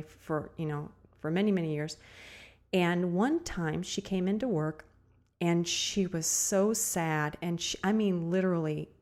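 Middle-aged woman, lowish voice, earnest motivational podcast host who hammers points through slow repetition. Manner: earnest, repetitive, emphatic with slow stressed phrases. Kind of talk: motivational monologue.

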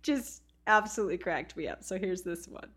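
A woman's voice: fairly low pitch, fairly quick, husky. A woman hosting a podcast, speaking casually and laughing often. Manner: warm, laughing, emotional. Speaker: podcast host. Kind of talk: casual narration.

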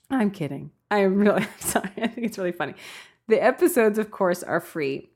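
A woman's voice: mid-range voice, expressive, a little fast. A woman hosting a podcast in a bubbly, chatty way, often breaking into laughter. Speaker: podcast host. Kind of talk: casual chat.

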